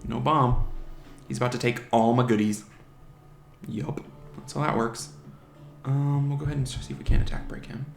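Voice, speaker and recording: Speaking at normal speed in a steady, mid-range, creaky voice with frequent pauses, a gaming channel host chats through his online match. He discusses strategy aloud and mocks the enemy monsters, over faint music in a roomy home recording.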